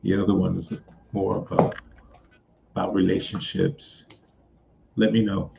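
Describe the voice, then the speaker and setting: Gravelly low guy doing card readings, slow and draggy, kinda muffled lo-fi sound. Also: level tone, warm tone. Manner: slow, drawn-out delivery with frequent pauses. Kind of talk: casual live-stream card reading. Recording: dull lo-fi sound with faint noise.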